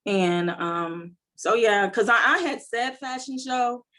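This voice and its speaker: A woman's voice: a little high, slow, a bit bright. Woman guest, heartfelt, rambling, filler-heavy conversational storytelling. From United States. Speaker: entrepreneur guest. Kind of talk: emotional conversational interview.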